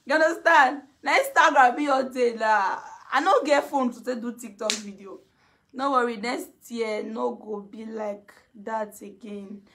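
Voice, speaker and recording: A woman's voice: on the high side, a little slow, a bit bright, a little hiss or hum. A Nigerian woman vlogger in a casual gossipy chat, talking freely and laughing often. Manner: chatty, laughs often, mimics others.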